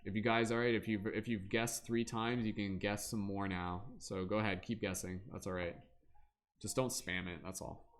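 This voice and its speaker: Hosting a livestream of tarot readings, this man talks easily and casually, covering pauses with fillers and a hummed "da da da." His voice leans low.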